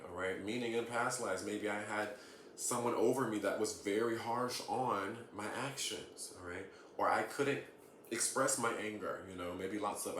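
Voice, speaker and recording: A man's voice: on the low side, a bit bright. Earnest man, echoey room, tagging "okay?". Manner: earnest, ends nearly every point with "okay?"; laughs lightly between points. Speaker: astrology vlogger. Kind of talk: casual explanatory vlog. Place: room at home. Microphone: camera mic. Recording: echoey room with faint hiss.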